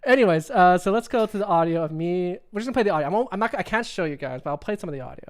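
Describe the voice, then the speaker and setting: A man chatting on his livestream at a quick clip, his voice smooth and clear. He rambles and repeats himself as he hunts for the right clip, loose and casual throughout. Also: sits high, animated. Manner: rambling, repeats himself while cueing up clips. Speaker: livestream host.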